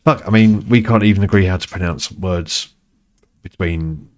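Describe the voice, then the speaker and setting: A deep-voiced British man rambles through a casual gaming stream. He drifts from topic to topic, swears freely and hams up his irritation. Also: moderate pace. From United Kingdom. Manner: rambling, swears, mock-exasperated. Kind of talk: casual chat while gaming.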